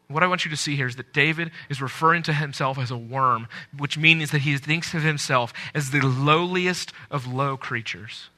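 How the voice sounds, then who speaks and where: Bright-voiced preaching man. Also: moderate pace. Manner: earnest preaching, swells loud on scripture quotes and drops low at phrase ends. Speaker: pastor. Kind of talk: sermon.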